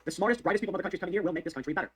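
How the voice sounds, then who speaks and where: A man's voice: sits high, rapid-fire, fairly bright tone, slightly rough. A man delivering heated, sarcastic political commentary on the news, repeating his points for emphasis. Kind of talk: fast ranting news commentary.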